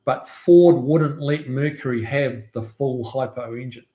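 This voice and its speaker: A man's voice: medium pitch, unhurried, warm tone. A man hosting a casual live stream, chatting about classic cars and answering viewers' comments with easy laughs. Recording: roomy echo.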